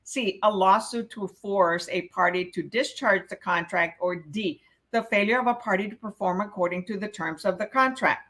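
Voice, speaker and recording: With a medium-pitched, fairly bright voice at normal speed, this woman runs a live real estate exam prep session. She reads each question out, explains the answer and keeps checking in with "okay?".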